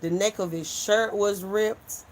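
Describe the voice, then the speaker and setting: A woman's voice: medium pitch, unhurried, slight background noise. A woman hosting a casual livestream, talking bluntly and with lots of swearing. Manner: blunt, animated, profane. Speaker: livestream host.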